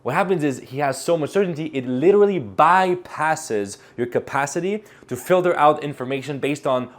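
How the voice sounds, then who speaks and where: A male speaking coach giving an energetic motivational talk to camera, emphatic and full of rhetorical questions. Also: a little high, normal speed, hardly any pauses.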